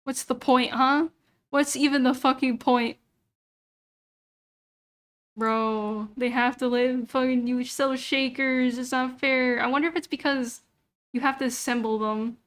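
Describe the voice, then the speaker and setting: A young woman with a high voice talks loosely on a livestream. She mutters to herself as she clicks through a website and swears freely. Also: steady tone, measured pace, pauses often. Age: young adult. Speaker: VTuber streamer. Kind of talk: casual livestream chat.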